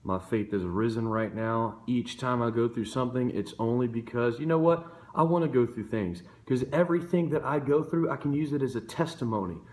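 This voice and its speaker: Male lay preacher, mid-pitched, fervent sermon delivery with rising intensity, roomy echo. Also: a little fast, few pauses, darkish tone, a little hiss or hum. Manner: fervent, building to intense emotional peaks. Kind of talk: impassioned devotional sermon. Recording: echoey room, phone-captured video.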